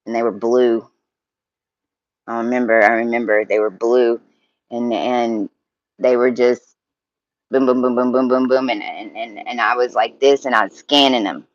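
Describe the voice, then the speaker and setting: A man telling a personal story in a halting, emotional monologue, swearing freely and often restarting his sentences. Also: medium pitch, steady tone, dry recording, dull audio.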